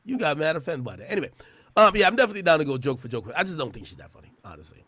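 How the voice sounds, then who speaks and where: Man, sharp bright tone, slightly high voice, dry close mic, profane mocking roast, stammering restarts. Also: very animated, very fast, no echo. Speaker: internet personality. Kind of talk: trash-talking roast rant.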